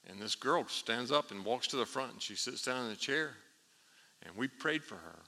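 A man preaching a sermon, telling a story with lively animation and laughing at his own tale. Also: mid-range voice, moderate pace. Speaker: pastor. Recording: reverberant hall.

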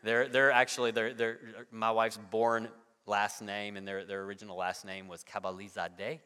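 Male pastor, 30s, chatty sermon delivery with stumbles and "right?" asides, bright tone, echoing hall. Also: on the low side, little pitch movement, moderate pace, clear, resonant tone. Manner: conversational, repeats words, frequent "right?". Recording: long hall reverb.

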